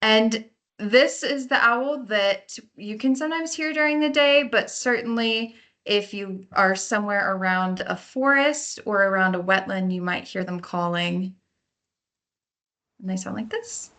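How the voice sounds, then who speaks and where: A woman's voice: mid-range voice, measured pace, bright, forceful tone. A woman park naturalist giving a lecture on learning birds by their sounds, explaining in a friendly way and sometimes imitating calls. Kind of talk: lecture on birding by ear.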